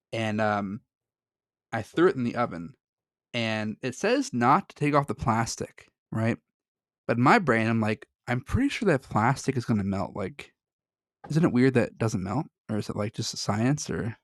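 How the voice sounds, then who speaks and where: Podcast cohost rambling n laughing, mid pitch voice, dry close mic. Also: no echo. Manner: rambling, self-interrupting, laughs often. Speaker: podcast co-host. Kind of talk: casual chat.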